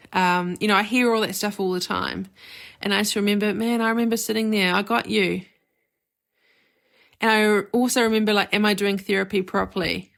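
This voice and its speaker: A woman's voice: medium pitch, fairly even intonation, normal speed, vocal fry. Candid woman therapist hosting a podcast. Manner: warm, candid and conversational, with many "like" and "you know" fillers. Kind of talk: reflective personal monologue.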